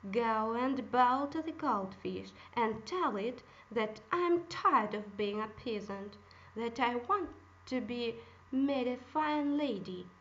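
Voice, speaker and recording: A woman doing a shrill, scolding old peasant wife. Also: expressive, takes it slowly, a bit bright, lo-fi sound.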